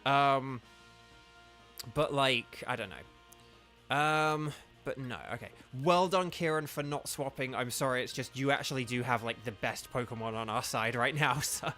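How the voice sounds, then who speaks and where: A man's voice: mid-range voice, measured pace, pushed and bright. A man streaming a game and chatting casually with his viewers, rambling and correcting himself with lots of fillers. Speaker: voice actor streaming a game with chat. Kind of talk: casual live-stream chat while gaming. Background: faint game music.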